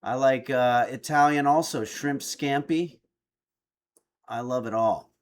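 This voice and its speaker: A man's voice: medium pitch, takes it slowly. A middle-aged man streaming, reading viewer chat aloud with dry, joking replies. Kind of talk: casual chat.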